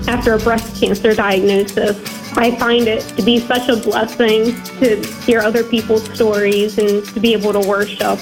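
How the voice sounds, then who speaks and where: A woman's voice: mid-range voice, level tone, normal speed, over music, rough recording. A woman giving a sincere radio testimonial as a listener.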